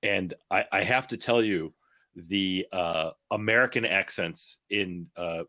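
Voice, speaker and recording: A man's voice: deep voice, a little slow, sharp tone. A man on a casual panel chat, joking dryly and often stammering as he restarts. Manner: dry humor, stammering restarts. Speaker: panel guest.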